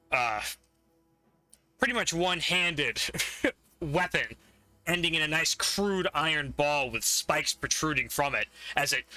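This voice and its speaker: A man's voice: a little high, sharp tone, no echo. A man narrating a tabletop game as game master, describing the fight vividly and laughing often.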